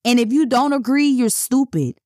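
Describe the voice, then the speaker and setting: A woman's voice: high-pitched, moderate pace, warm tone, no echo, studio quality. A woman hosting a casual podcast monologue, talking bluntly and emphatically with plenty of swearing. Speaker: podcast host.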